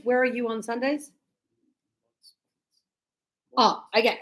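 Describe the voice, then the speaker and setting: A woman's voice: on the high side, poor audio. A woman teaching an English class in a classroom, acting out little dialogues and checking in with her students often. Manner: lively, acts out student dialogues with quick questions. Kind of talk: classroom lesson.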